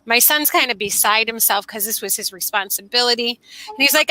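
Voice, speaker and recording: A woman co-hosting a casual podcast chat, telling a story in a lively way and acting out the voices she quotes, talking on a video call from outdoors. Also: on the high side, a little fast, no echo. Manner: animated, acts out quoted voices. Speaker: podcast co-host. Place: outdoors under an umbrella.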